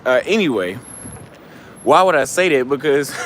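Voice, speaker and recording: At night on a city street, a travel vlogger speaks into his handheld camera in a slightly high, fairly bright, expressive voice at a moderate pace with long pauses, over a little hiss or hum. A little tipsy and out of breath, he delivers a casual monologue that rambles profanely and often trails off mid-thought.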